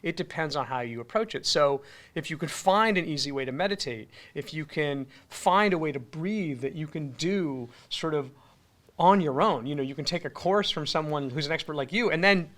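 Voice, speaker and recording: A man's voice: on the high side, expressive, normal speed, a bit bright. A man who teaches meditation, chatting casually with a wry, joking, thoughtful way of talking. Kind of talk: casual conversation.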